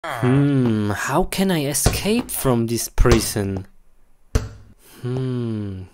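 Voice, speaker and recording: A woman acting in a comedy skit, speaking simple broken English that breaks into sudden high squeals of panic. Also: very slow. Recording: noisy background hiss.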